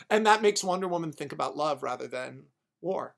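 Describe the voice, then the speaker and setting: Podcast host, comedic story pitch, rambling, swearing a lot. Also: a little fast, gravelly. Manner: profane, rambling, animated.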